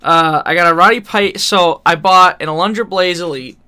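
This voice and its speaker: This is a man with a high, tense, crisp voice, telling a long story on a podcast in a loose, rambling way. He laughs often at his own tale and swears freely. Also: moderate pace, pushed and bright. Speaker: podcast co-host. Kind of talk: casual storytelling chat.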